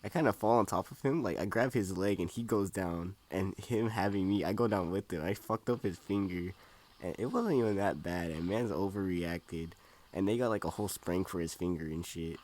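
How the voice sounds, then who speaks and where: A man's voice: sits low, normal speed, darkish tone. A young man co-hosting a casual podcast over a call, telling stories in a laid-back way and laughing as he goes. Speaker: podcast co-host. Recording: noisy call audio.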